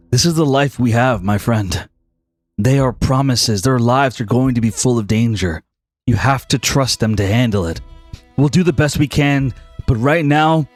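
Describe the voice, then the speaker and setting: A man voicing a steady male friend who calmly talks another down. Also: medium pitch, natural voice. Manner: calm, soothing, reasoning.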